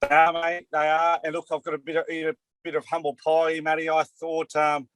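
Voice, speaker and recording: A man's voice: a little high, monotone, fairly quick, fairly bright tone, slight background noise. Rambling Australian man, lots of "mate". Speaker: co-host, former player. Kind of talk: casual sports chat.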